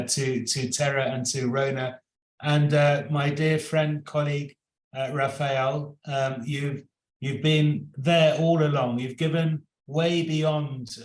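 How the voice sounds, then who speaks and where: A man leading a project, giving a formal thank-you speech at an event, halting often and repeating his words. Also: medium pitch. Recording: roomy echo.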